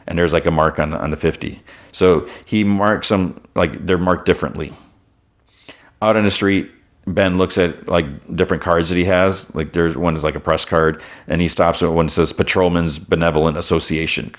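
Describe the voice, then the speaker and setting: Very low-voiced male podcast host, loose conversational recap, leans on "like" constantly. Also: steady tone, normal speed. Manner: rambling, heavy on "like" fillers, self-correcting. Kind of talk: casual retelling of a show episode.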